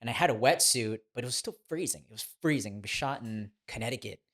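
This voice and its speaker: An animated, chatty man in his thirties tells stories as a podcast guest. His voice sits at an ordinary middle pitch, and he often laughs between lines. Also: fast talker. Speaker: guest, former child actor turned boxing trainer. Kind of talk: casual podcast storytelling.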